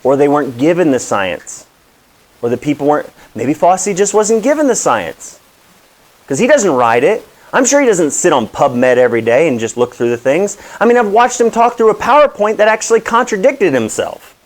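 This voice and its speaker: A man's voice: fairly high pitch, very animated, normal speed. A man hosting his own health vlog as a wellness doctor, talking straight to the viewer in an impassioned, preachy way with rambling asides. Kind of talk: direct-to-camera health vlog.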